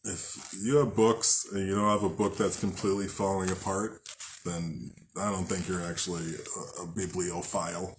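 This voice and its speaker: A man's voice: lowish voice, moderate pace, fairly bright tone, slight background noise. A man hosting a casual spiritual talk, rambling, joking and swearing freely as he reads from a book. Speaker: host.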